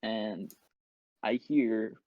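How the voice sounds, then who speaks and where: A man's voice: fairly low pitch, drawn-out words, no echo. A young man and podcast co-host telling a long casual story, full of filler words and acted-out quotes. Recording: dull lo-fi podcast mic.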